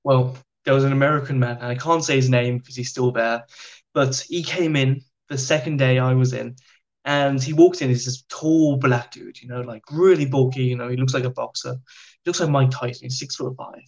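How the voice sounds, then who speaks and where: A British man, a podcast guest, telling stories in a chatty, animated way. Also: medium pitch, moderate pace, lo-fi sound. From Britain. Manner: chatty, animated anecdotes with slang. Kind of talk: casual storytelling.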